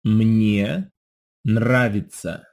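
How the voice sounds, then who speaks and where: This is a man speaking extremely slowly as a pronunciation model. He says each short phrase carefully and clearly so that learners can repeat it. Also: on the low side, a little mellow. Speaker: native-speaker model for repetition.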